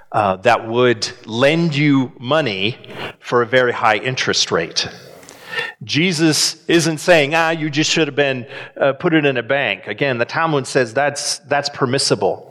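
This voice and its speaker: Male pastor, animated sermon delivery, slow and expressive. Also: mid-range voice. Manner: animated, asks the congregation questions.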